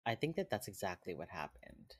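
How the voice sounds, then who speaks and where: A man's voice: low voice, very animated, fairly quick, gravelly. A man co-hosting a podcast in casual chat, recapping an episode in a laid-back way and often chuckling. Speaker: podcast co-host.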